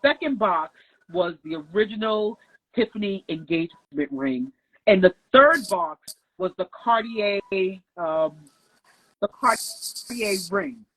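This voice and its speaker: Husky-voiced woman telling a lively story. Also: medium pitch, slow pace, rough recording. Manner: animated, acts out quoted dialogue. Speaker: guest nail artist. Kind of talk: storytelling in a podcast interview.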